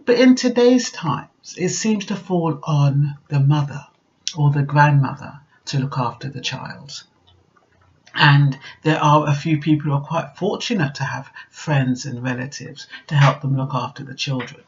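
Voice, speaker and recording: An older British woman vlogger offers life advice in a direct, chatty monologue, telling stories casually and acting out quoted voices. Her voice sits low and her pace is measured. The recording is dull and lo-fi.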